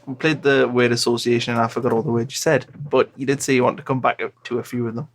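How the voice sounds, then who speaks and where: Male podcast host with a mid-range voice, relaxed and chatty in the questions. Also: mid-range voice, quick pace, slight background noise. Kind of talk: casual interview questions.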